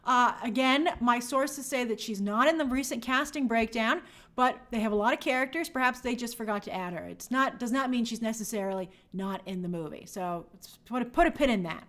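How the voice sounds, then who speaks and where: A woman's voice: a little high, fairly quick, fairly bright tone. A woman hosting a livestream, chatting casually and reading viewer comments aloud in an upbeat way. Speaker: livestream host reading chat. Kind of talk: casual live chat.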